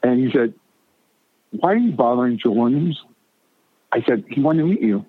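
A man's voice: medium pitch, normal speed, pauses often, breathy edge, no echo. A middle-aged man telling long stories in a casual chat, full of stammered restarts and quotes he acts out. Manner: rambling, stammering restarts, animated retelling of quotes. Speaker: guest. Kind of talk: casual storytelling. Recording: tinny phone line.

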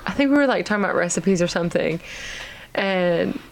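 A woman with a Southern American accent co-hosting a casual podcast chat, playful and quick to laugh. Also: fairly low pitch, lively intonation, gravelly. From Southern United States. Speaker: podcast co-host.

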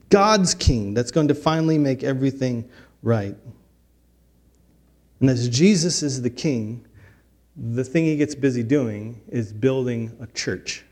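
A man's voice: mid-range voice, a little mellow. Earnest man preaching a sermon. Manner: earnest, builds to emphatic peaks, restarts often. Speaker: pastor.

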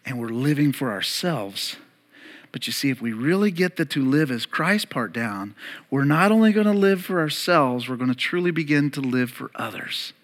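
A man in his thirties preaching a sermon to his church, emphatic, rising loud and high and then dropping soft and low, and calling on the congregation to repeat words. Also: animated, moderate pace. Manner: emphatic, climbs louder and higher, then drops to soft and low. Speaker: pastor.

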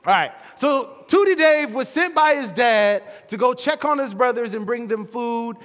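An animated young man tells a Bible story with toys, laughing as he goes, his voice pitched notably high. The sound carries a long reverb from a church hall. He is playful and lively throughout. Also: normal speed. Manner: animated, laughs often, plays with action figures. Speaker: children's ministry presenter.

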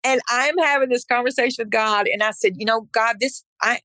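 A woman's voice: on the high side, a little fast, hardly any pauses, sharp tone, no echo. A middle-aged woman, a podcast guest, telling a personal testimony in an earnest, emphatic way and acting out her own past words. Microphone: podcast microphone.

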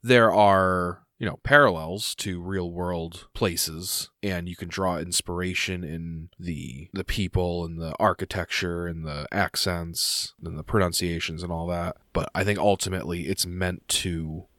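A man with a low voice running a tabletop game, thinking aloud in a halting, musing way during a relaxed podcast chat. The recording is dry and close. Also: dry recording. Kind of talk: casual chat.

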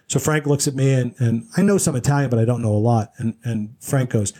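A man's voice: medium pitch, fast, few pauses. A man co-hosting a casual chat show, telling a long anecdote with restarts and laughs. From Pennsylvania. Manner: rambling, animated storyteller with restarts and laughs. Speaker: podcast co-host.

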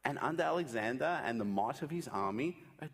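A man preaching a sermon in a conversational way, acting out quotes with wide swings in pitch. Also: animated, fairly quick, slightly rough, long reverb tail.

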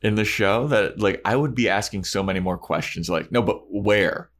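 A young man co-hosting a podcast, recapping scenes in a casual, animated way and acting out every character. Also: on the low side, brisk. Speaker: podcast co-host.

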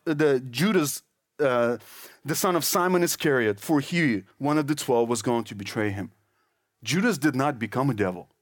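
A man preaching a sermon, reading scripture slowly and pressing each point with emphasis. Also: mid-range voice, no room sound, clean studio sound. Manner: emphatic, slows down to stress scripture phrases.

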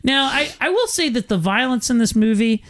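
A man's voice: very high-pitched, lively intonation, brisk, a bit bright. A man casually recapping a film on a podcast, rambling and joking with lots of profanity. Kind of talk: casual chat.

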